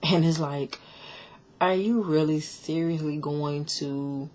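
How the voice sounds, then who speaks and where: A woman's voice: deep voice, steady tone, slow pace, darkish tone, slight background noise. A woman casually recapping a reality show episode, chatty and blunt, with lots of fillers and restarts. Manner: blunt, sassy commentary.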